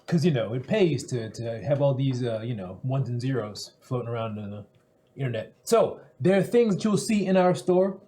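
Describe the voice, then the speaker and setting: A man's voice: medium pitch, animated, normal speed, mellow. A man chatting casually on a live stream as a player, explaining things in a rambling, self-interrupting way. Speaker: player explaining the show's store.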